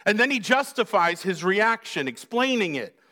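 Pastor guy giving a sermon, kinda high bright voice, chatty and jokey, acts out the lines. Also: sing-song, normal speed.

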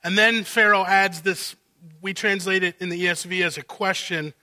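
A man's voice: high-pitched, normal speed, pushed and bright. A male pastor preaching an expository sermon, walking through the text and acting out what the characters are really saying.

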